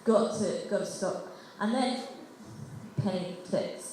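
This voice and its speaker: A woman's voice: mid-range voice, slow, a little mellow. A woman doing a self-deprecating open mic stand-up set, chatty and laughing through her lines. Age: adult past eighteen. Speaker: stand-up comedian. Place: school hall stage. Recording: echoey school hall, faint noise.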